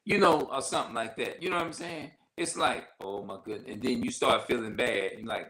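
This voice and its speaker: Talking a little fast with few pauses, a male vlogger speaks casually to camera, repeating himself and often asking "you see what I'm saying." He acts out quoted voices with sharp pitch jumps, and the recording is low quality.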